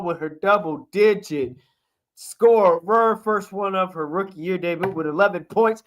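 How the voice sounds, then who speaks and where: A man co-hosts a sports recap, working through the numbers at an unhurried pace. His voice sits high. He drops in playful asides between the stats. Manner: stat-reading with playful asides. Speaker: co-host.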